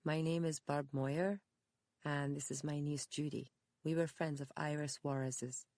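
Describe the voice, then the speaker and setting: A narrator voicing a kind older aunt who is grieving, speaking softly and wistfully, with the voice raised a little above the narration. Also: medium pitch, level tone, unhurried, no room sound, lightly acted. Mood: polite. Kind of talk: audiobook character reading.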